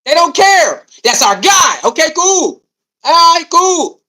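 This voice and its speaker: In a very high voice and at a slow pace, a man rants animatedly about sports. He talks straight to his listeners, hammering points through repetition and posing rhetorical questions.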